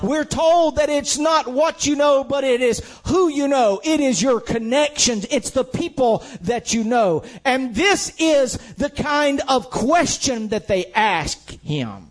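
A man with a notably high voice delivers a sermon. He preaches with emphasis, repeating phrases and asking rhetorical questions as he builds each point.

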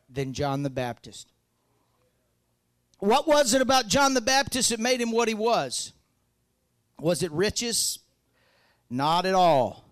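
A man preaching a sermon, folksy and joking, rising to loud fervent peaks. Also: on the high side, dry recording. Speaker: pastor.

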